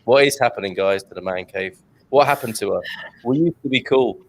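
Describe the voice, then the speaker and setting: A man's voice: medium pitch, fairly quick. A man hosting an online chat show over a video call, joking, reading out chat comments and laughing often. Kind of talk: casual banter on a video call.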